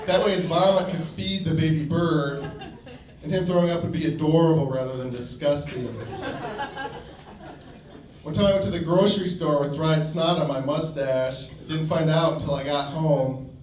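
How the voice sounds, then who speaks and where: A male standup comedian in a comedy club, telling jokes with a dry, deliberate delivery. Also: on the high side, darkish tone, recorded from a distance. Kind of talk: standup routine. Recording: echoey club from afar.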